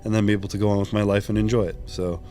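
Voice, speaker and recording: A man speaking candidly in an interview, retelling his conversations in a quick, open way. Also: lowish voice, level tone, warm tone. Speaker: interviewed athlete.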